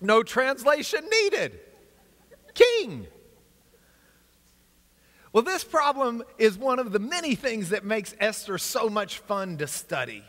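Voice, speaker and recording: A man with a strikingly high, bright voice leads a lively class lecture, his pitch swinging widely as he explains and jokes with the room. His words ring with the long reverb of a large hall. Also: normal speed, hardly any pauses. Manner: energetic, animated storytelling with asides to the class. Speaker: Bible class teacher.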